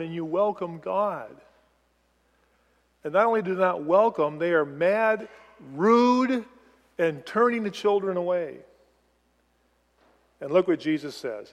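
Animated male preacher in an echoing hall. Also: high voice. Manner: animated preaching, asks the congregation questions. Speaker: pastor. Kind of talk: sermon.

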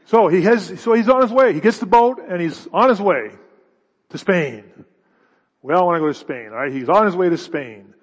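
A man's voice: sits high, lively intonation, normal speed, slightly rough. A middle-aged man preaching a conversational sermon, often restarting his sentences. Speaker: pastor. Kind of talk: expository sermon. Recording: dull hall reverb.

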